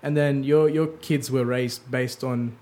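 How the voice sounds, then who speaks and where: A man chatting in a relaxed way and often calling the other man bro. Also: mid-range voice, measured pace. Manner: relaxed, says bro a lot. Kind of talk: casual chat.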